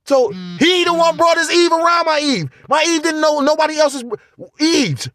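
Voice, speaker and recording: A man with a high, animated voice rants casually to his viewers about faith and trust. His talk is profane and rambling, full of restarts. The sound is dry and close. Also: normal speed, dry recording. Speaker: vlogger. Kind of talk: casual spiritual monologue.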